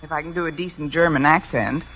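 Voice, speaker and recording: A woman's voice: low-pitched, fast talker, a crowd in the background. Wisecracking woman on old radio. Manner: wisecracking, dry. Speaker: schoolteacher minding a switchboard. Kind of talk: 1950s radio comedy acting. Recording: dull hissy old radio recording.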